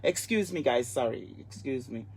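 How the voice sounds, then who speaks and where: A woman's voice: a bass voice, animated, normal speed, a little mellow, a little hiss or hum. A woman hosting a live online interview, effusive and emotional, repeating herself as she talks. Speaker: host.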